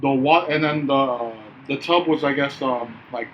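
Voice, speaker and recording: A man's voice: medium pitch, unhurried. A man telling workplace stories in a loose, profane way, acting out what people said. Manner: loose, profane storytelling with acted-out quotes. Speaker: podcast co-host. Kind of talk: casual chat. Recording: dull lo-fi sound with faint background hiss.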